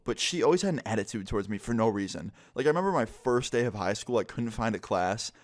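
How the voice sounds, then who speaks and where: A man's voice: lowish voice, big pitch swings, fairly quick, few pauses. A young man vlogger telling a story in a casual, rambling, profane way.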